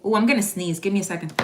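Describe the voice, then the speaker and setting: A woman with a mid-range voice gives a casual live tarot reading, chatty and full of slang, addressing her viewers directly by name. The recording has a noisy background and an echoey room sound.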